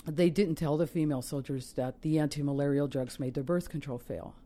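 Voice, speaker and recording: A woman's voice: deep voice, fairly even intonation, a little fast, mellow. A middle-aged woman, the mother of a soldier, giving an earnest, reflective personal testimony.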